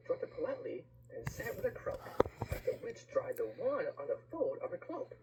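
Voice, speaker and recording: A woman reading a rhyming picture book aloud, with lively pauses and asides to the listener. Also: deep voice, very noisy.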